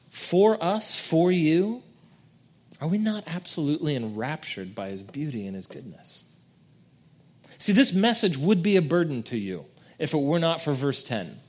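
Animated preacher man, voice rising and falling. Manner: conversational preaching, dramatic swings in pitch and volume. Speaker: pastor. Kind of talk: sermon.

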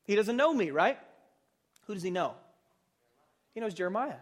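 A male pastor preaching a sermon, animated, with many rhetorical questions and sudden swings from loud bursts to hushed asides. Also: sits high, normal speed.

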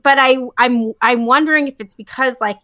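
A woman's voice: sits high, normal speed, bright, forceful tone, dry recording, studio quality. A young woman, a comedian and scientist, chatting casually in an interview with many fillers and frequent laughs. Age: young adult.

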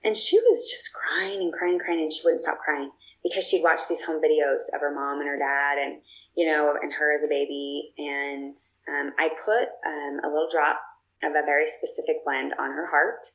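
Woman, low voice, interview guest, casual storytelling, chatty, fillers and restarts. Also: steady tone, moderate pace, creaky, fairly bright tone, rough recording.

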